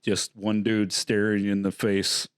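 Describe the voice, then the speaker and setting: A man's voice: lowish voice, level tone, unhurried, smooth, no echo, clean studio sound. A man hosting a horror film podcast, chatting casually and loosely with lots of fillers and laughs. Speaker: podcast host. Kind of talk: casual chat.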